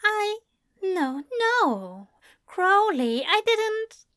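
A fussy, soft-spoken male angel, as a woman reads him with a high, lifted voice that leaps around as he stammers out polite, formal apologies. A dry, close storybook reading. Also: big pitch swings, drawn-out words, dry recording, full character voice. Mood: anxious.

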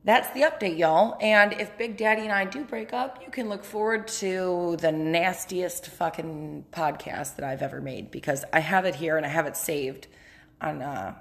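A woman with a twang talks into her phone for a casual solo podcast. Her voice sits a little low, and she rambles candidly and profanely, often breaking into laughter. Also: normal speed, gravelly. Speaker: podcast host. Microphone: phone app.

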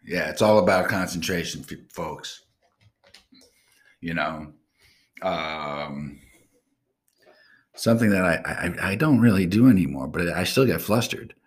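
Deep-voiced man in a profane rant. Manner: swears constantly, blunt and ranting; casual slang, drawn-out asides. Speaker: live stream show host.

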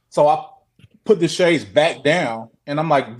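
A man telling his own odd sighting story on a call, animated, swearing often and repeating himself. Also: medium pitch, a little fast. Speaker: guest sharing a sighting story. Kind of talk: casual storytelling on a video call show.

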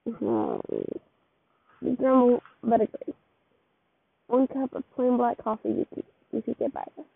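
Casual fan fic reading by a woman, kinda rambly w restarts, raspy fry in her voice, sounds like a phone mic. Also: fairly high pitch, huge pitch swings, a little slow. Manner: loose, rambling delivery with slips and restarts. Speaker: fan fiction narrator. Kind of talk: casual second-person story reading. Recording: tinny, phone-like dry recording.

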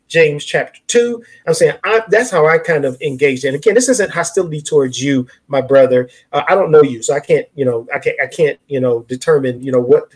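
A man's voice: a little high, breathy edge. A man in an impassioned casual discussion, speaking in a preacherly way with many restarts as he cites scripture.

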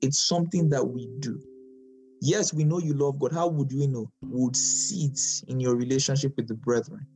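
A man's voice: mid-range voice, steady tone, normal speed, darkish tone, rough recording. A man teaching a Bible study in an emphatic way, often repeating phrases for stress.

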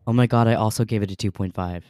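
A woman with an unusually deep, low voice and a dark, mellow tone gives her candid take in a casual chat. She hesitates and restarts her thoughts. The sound is dry and close. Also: steady tone, fast talker, no room sound. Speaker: book podcast co-host. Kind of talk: casual book review chat.

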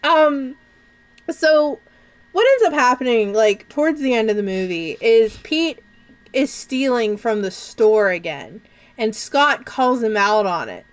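Woman, young adult, high-pitched, animated, sarcastic, casual podcast recap. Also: unhurried. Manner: animated, sarcastic, swears often. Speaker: podcast co-host. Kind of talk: casual movie recap chat.

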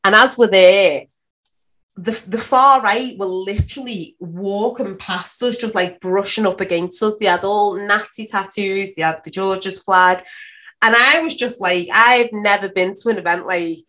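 A woman from the UK in casual conversation as a podcast guest, telling stories with animated energy and laughter, her voice jumping high when she exclaims. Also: a little slow.

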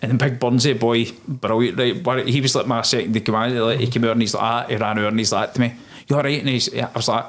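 A man in his thirties recounts a combat story in a relaxed interview. He talks in a lively, storytelling way and voices the people he quotes. His voice sits at a middle pitch for a man. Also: fast. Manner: animated storyteller, acts out quoted dialogue, swears. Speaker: guest, former soldier.

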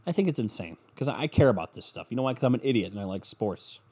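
A man's voice: mid-range voice, expressive, fast, few pauses, darkish tone, breathy edge. A man hosting a solo podcast, ranting sarcastically and profanely with self-mockery into a microphone at home. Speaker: podcast host. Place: home basement. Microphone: studio microphone.

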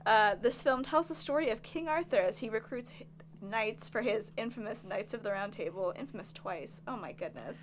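A woman's voice: medium pitch, animated, moderate pace, noisy background. A young woman hosting a film podcast in casual chat, bubbly and laughing often. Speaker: podcast host.

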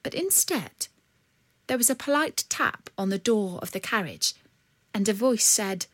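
A woman reading a storybook aloud in a measured, expressive way. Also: medium pitch, dry recording. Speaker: narrator. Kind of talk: storybook narration.

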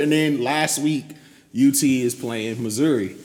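A man's voice: mid-range voice, moderate pace, a little mellow. A man co-hosting a podcast in casual chat, playful and joking, sometimes sliding into a sultry croon. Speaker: podcast co-host. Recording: long reverb with faint noise.

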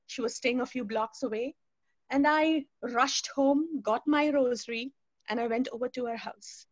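A woman's voice: high voice, normal speed, no room sound, highs cut off. Woman telling a vivid faith testimony. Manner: storytelling, acting out quoted dialogue. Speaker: speaker giving a personal testimony. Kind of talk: spoken testimony to a youth webinar.

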